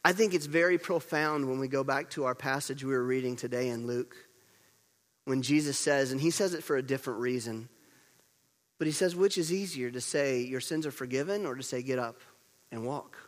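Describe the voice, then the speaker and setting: A man preaching a sermon as pastor, moving between loud urgent storytelling and quiet hushed emphasis, repeating words to drive points home. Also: medium pitch, moderate pace. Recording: long reverb of a large hall.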